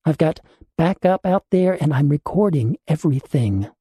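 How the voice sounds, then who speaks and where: Tough female cop read by a man, clipped, tense, mellow voice, dry recording. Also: a little high, lively intonation, normal speed, slightly rough, no room sound. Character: tough female police detective, shaken.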